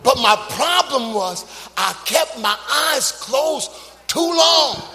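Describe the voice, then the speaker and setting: A man preaching a dramatic testimony, shifting from quiet telling to loud shouting. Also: extremely high pitch, animated, slow pace, background noise. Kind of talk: sermon storytelling. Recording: reverberant hall with loud ambience.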